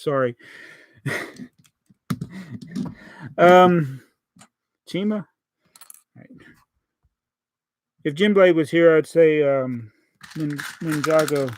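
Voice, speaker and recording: A man's voice: on the high side, no room sound. A man with a Southern American accent, chatting casually on a live stream as he builds a toy set, joking and reading out viewer comments. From Southern United States.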